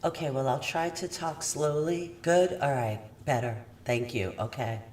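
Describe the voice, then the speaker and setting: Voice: mid-range voice, measured pace, darkish tone. A true crime channel host in casual livestream chat, friendly and apologetic, often checking whether the audio sounds right. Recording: echoey room audio, distant mic, faint noise.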